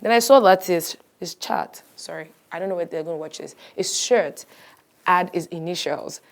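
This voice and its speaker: A woman pastor in her thirties giving a personal testimony, animated and storytelling, acting out the voices she quotes. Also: fairly low pitch, moderate pace. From Nigeria.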